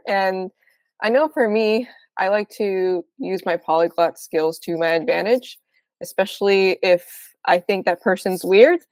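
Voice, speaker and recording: A woman's voice: mid-range voice, a little mellow, dry recording. A woman in a panel discussion talking in a light, matter-of-fact way with easy laughter. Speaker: panel guest. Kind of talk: casual discussion.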